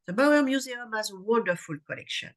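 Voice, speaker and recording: A woman with a French accent, a native French speaker, moderating a conference session in halting English with many uhs and restarts. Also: a little high, expressive.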